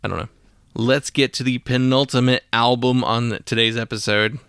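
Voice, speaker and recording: A man's voice: medium pitch, steady tone, normal speed, a bit bright, smooth, no room sound, clean studio sound. A man hosting a podcast, talking casually about old records with lots of fillers and loose asides. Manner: casual, rambling with frequent fillers. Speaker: podcast host. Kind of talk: solo music podcast monologue.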